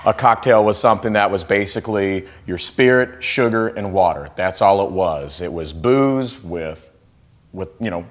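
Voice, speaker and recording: A man talking casually as a guest on a kitchen set, explaining cocktail history with jokes and quick restarts. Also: sits low. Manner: chatty, joking, quick restarts. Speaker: guest mixologist. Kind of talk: casual chat.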